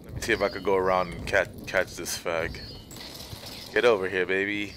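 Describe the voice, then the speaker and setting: A young gaming streamer tells a story while playing, launching into a profane, rambling rant in a low, flat voice at normal speed with a slightly bright tone. Game sounds and noise run behind him.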